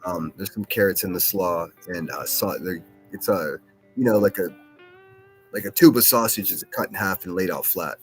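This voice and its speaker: A man's voice: deep voice, normal speed, soft background music. A man hosting a solo podcast, rambling casually with lots of swearing, fillers and restarts. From Pittsburgh, USA.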